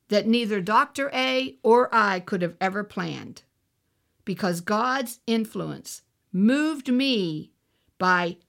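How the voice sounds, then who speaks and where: A woman's voice: medium pitch, gravelly, a bit bright. A woman ministering, telling a personal testimony in an earnest storytelling way and acting out the voices she quotes. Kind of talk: testimony sermon.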